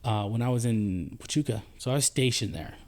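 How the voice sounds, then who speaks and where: A man from the United States, a former Army leader, talking on a podcast in a halting, reflective way, often searching for words. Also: mid-range voice. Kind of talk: casual podcast conversation.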